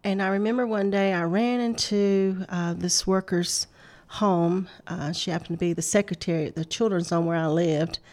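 A woman's voice: fairly low pitch, steady tone, normal speed, a little mellow. A middle-aged woman, laughing often as she tells a personal story on a faith talk show. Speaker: guest.

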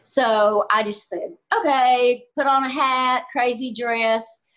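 This is an older woman with a Southern American accent, talking on a video call as a comedian guest. Her voice sits a little high, and she tells folksy stories with frequent laughter in an easy, casual way. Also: steady tone, slow pace, fairly bright tone. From Southern US, Georgia. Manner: folksy, laughs often, storytelling. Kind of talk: casual interview chat.

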